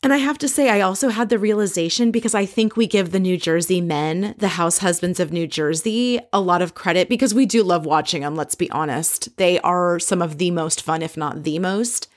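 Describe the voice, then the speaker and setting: A woman hosting a casual recap, telling the story in a chatty, animated way with frequent asides. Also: fairly low pitch, a little fast, hardly any pauses. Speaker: podcast host recapping a reality show.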